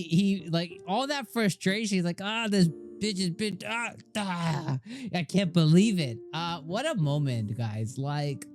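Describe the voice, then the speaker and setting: A man hosting an anime channel, giving casual reaction commentary in an excitable, gushing way with lots of rambling restarts. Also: medium pitch. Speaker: anime reviewer and channel host.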